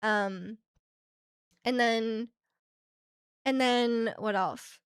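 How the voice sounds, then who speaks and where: A woman's voice: fairly high pitch, fairly even intonation, drawn-out words, clear, resonant tone, no room sound, clean studio sound. A young woman streaming, chatting casually with her viewers and retelling ads in a rambling way with many fillers.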